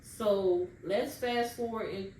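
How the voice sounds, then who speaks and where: A woman's voice: mid-range voice, slow pace, a little mellow, far from the mic. A young woman chats through a casual storytime vlog, speaking straight to her viewers. She sits back from the mic in a roomy, echoing space. A faint hum of background noise runs underneath. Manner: chatty, keeps addressing viewers directly. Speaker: vlogger.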